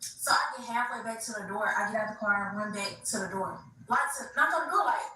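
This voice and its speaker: Woman, livestream host, animated slangy storytelling, bright voice, echoey room, distant mic. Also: fairly high pitch, brisk, slight background noise. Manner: animated, slangy, addresses viewers as y'all. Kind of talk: casual storytelling to viewers.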